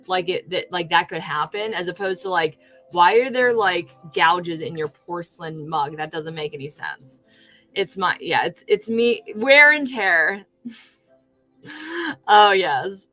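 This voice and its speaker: A woman's voice: fairly low pitch, animated, unhurried, sharp tone, soft background music. A woman from California, chatting casually on a livestream while showing fake food crafts, rambling with many restarts and sounding delighted by her own work. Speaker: streamer and fake food artist.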